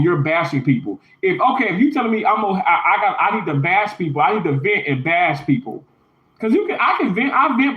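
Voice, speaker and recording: Man with a high voice, emphatic and indignant, in a casual livestream rant; roomy, slightly muffled audio. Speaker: livestreamer, hospital worker. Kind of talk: casual live stream rant.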